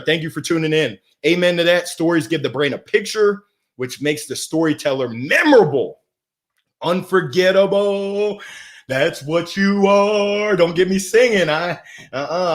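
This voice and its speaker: Exuberant high-voiced man hosting live. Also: fairly bright tone. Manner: exuberant, laughs often, greets viewers by name. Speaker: host of a live motivational stream. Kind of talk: lively live-stream chat reading comments.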